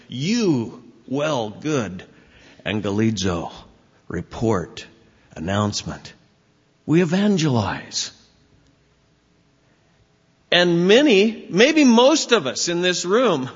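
Slow, husky-voiced preacher in an echoing hall. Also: male voice. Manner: emphatic preaching with big swings in pitch and volume. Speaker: pastor. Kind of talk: sermon. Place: church sanctuary. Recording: dull recording with long hall reverb.

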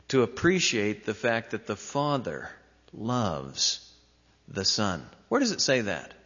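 A man preaching an expository sermon, with emphatic, drawn-out phrasing and sudden rises in pitch. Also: big pitch swings, bright, forceful tone. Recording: dull lo-fi recording in a reverberant hall.

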